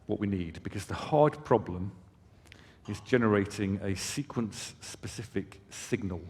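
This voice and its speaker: A man delivers a conference presentation from a hall stage, explaining in a relaxed, conversational way with off-hand asides to the crowd. His voice sits a little low, and a long hall reverb trails behind each phrase. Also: measured pace. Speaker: company presenter.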